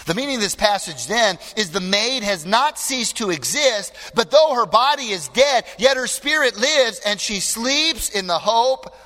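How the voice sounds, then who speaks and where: A man's voice: on the high side, bright, forceful tone, long reverb tail. A male pastor giving an earnest, emphatic sermon, often repeating phrases for weight.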